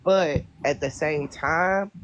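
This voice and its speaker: A man speaking as a guest on a live stream, measured and methodical, laying out his case through pointed questions. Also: a little high, fairly bright tone. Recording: noisy line with clicks.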